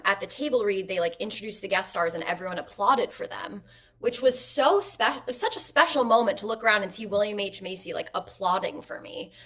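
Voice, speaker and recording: A woman, an actress and guest, telling stories at home in a lively way and using "like" often. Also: mid-range voice. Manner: animated storyteller, frequent "like" fillers. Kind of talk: conversational interview.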